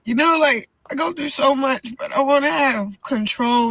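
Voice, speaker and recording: A woman's voice: high-pitched, normal speed, few pauses, fairly bright tone, no room sound, rough recording. A young woman boxer talking to camera from inside a car before a fight, rambling and earnest, repeating her words. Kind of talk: personal vlog monologue.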